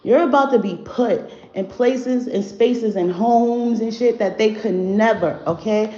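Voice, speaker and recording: Slightly high and a little slow, her voice has a dark tone. She's a spiritual reader livestreaming to viewers, blunt and profane, talking directly to chat over dull, roomy audio with faint noise.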